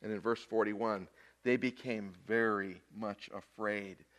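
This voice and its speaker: Slow, dramatic preaching man. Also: fairly low pitch, fairly even intonation. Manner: dramatic swings between loud emphasis and hushed near-whispers; slow, deliberate delivery with long pauses. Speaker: pastor. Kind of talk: sermon.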